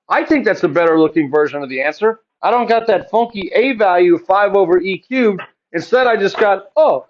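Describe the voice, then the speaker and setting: A man's voice: high-pitched, lo-fi sound. A man teaching a math class, chatty and joking, asking his students questions and answering them himself.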